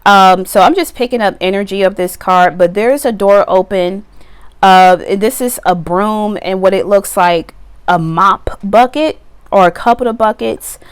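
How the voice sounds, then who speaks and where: A woman's voice: medium pitch, a little slow, clean tone. Chatty woman reading tarot outdoors. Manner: chatty and animated, laughs, acts out the viewer's voice. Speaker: tarot reader. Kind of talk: casual tarot reading to camera. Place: outdoors on a windy day. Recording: wind noise, slightly distant mic.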